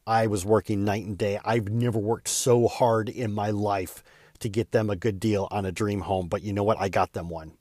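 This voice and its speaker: Earnest low-voiced man telling a story. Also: steady tone, a little mellow, no room sound, clean studio sound. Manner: earnest and heartfelt, speeding up and slowing down with emotion. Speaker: real estate agent and podcaster. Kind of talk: personal storytelling.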